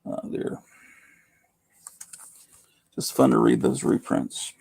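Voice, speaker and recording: A hoarse man in his fifties hosting a rambling, casual late-night livestream from home, keeping his voice down. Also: mid-range voice, flat delivery, takes it slowly, a little mellow. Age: 50s. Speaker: livestream host.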